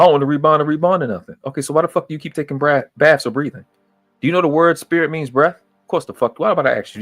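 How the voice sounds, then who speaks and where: A man's voice: a little high, a bit bright, no room sound. A man hosting a livestream, ranting angrily and mocking his critics with heavy profanity. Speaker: livestream host. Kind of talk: angry ranting monologue.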